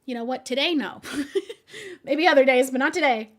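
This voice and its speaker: A young woman streaming from home, chatting casually with viewers, laughing often and speaking in a gentle, encouraging way. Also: high voice, moderate pace. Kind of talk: casual chat reading viewer messages.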